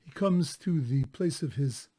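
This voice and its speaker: A man's voice: fairly high pitch, lively intonation, unhurried, mellow, slightly rough. A rabbi giving a casual, conversational talk on the weekly Torah portion, quoting Hebrew verses and translating them as he goes. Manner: conversational, restarts phrases, Hebrew quotes translated.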